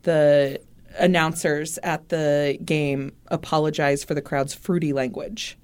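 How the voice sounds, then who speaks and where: A woman co-hosting a podcast in casual chat, unhurried and chiming in, laughing easily. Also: sits low, steady tone, a little mellow, clear, resonant tone. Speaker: podcast co-host.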